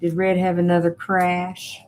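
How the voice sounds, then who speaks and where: Slow, low-voiced woman host. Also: completely flat delivery, a little mellow, slight background noise. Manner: reads viewer comments aloud with chatty asides; teasing, sassy banter. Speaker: live stream host reading chat. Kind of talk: casual live stream chat.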